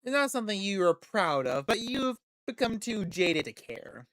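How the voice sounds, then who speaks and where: A playful gaming streamer narrates a visual novel aloud, breaking off to joke, laugh and curse at the plot. The voice sits at a middle pitch, and the sound is dry and close to the mic. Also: big pitch swings, moderate pace, fairly bright tone, no echo. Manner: playful, laughs and swears at the story.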